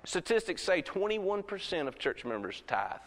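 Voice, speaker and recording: A man preaching a sermon. His voice sits fairly high and leaps around, swinging from shouted lines to near whispers. It rings with the long reverb of a church sanctuary. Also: moderate pace. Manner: animated preaching, swinging from loud shouts to hushed asides. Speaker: pastor.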